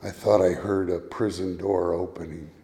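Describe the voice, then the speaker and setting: A man preaching a sermon as a pastor, speaking deliberately and leading his listeners through recited scripture. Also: low voice, fairly even intonation, mellow. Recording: echoey room.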